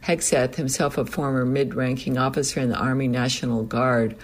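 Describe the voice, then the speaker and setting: A man reading a news report aloud in a steady, measured delivery. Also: mid-range voice. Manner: steady, measured read with a self-correction. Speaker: news reader.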